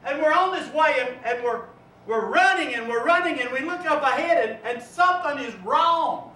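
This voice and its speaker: A man preacher giving a sermon, telling a vivid story that swells and drops to a hush. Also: extremely high pitch, expressive, normal speed. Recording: echoey room, from far off, faint noise.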